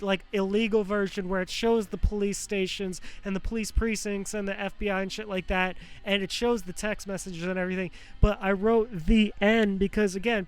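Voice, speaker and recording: A man's voice: sits high, clean tone. A young man hosting a podcast, rambling through an emotional personal monologue with lots of fillers, swearing and nervous laughs, close to tears. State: near tears. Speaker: podcast host. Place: apartment.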